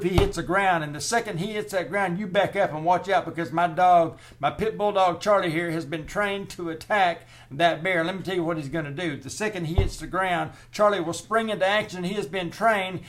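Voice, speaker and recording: Man doing a loud brash country bear remover. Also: fairly high pitch, normal speed, creaky, pitched above the performer's own voice. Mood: boastful.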